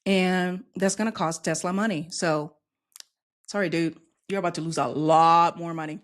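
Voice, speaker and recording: A woman's voice: lowish voice, steady tone, normal speed. An American woman vlogging a casual, outspoken reaction to the news, sassy and gleeful as she comments. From United States.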